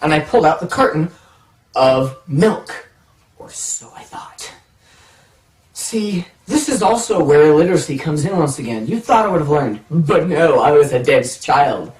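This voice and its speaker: A man telling a comic personal story to the camera, animated and self-mocking. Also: a little high, normal speed. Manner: animated, self-mocking, acts out voices in his stories. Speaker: storytelling vlogger. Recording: echoey room, mic far off.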